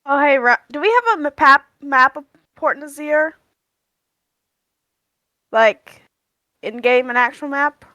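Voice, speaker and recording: Tired woman player, bright and higher, halting, dry mic. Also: expressive, dry recording. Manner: halting, self-correcting. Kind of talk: casual tabletop chat.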